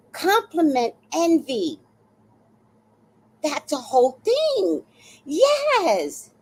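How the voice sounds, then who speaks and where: A woman's voice: very high-pitched, very slow, pauses often, low-quality recording. A woman in her sixties hosting a live stream, chatting casually and telling stories with laughter and the odd swear word. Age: 60s. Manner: animated, laughing storyteller who swears casually. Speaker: livestream host.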